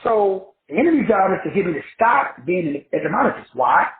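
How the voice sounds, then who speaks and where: Host-teacher man, high-pitched, preachy and colloquial, heard through a tinny phone-like line. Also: big pitch swings, a little fast, echoey room. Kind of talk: motivational lecture.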